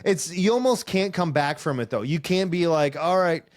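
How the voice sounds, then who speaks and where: A man's voice: fairly high pitch, animated, moderate pace, dry recording, studio quality. A man co-hosting a comedy podcast, chatting casually in a wry, rambling way and acting out other people's lines. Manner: wry, rambling storyteller who acts out other voices. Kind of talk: casual chat.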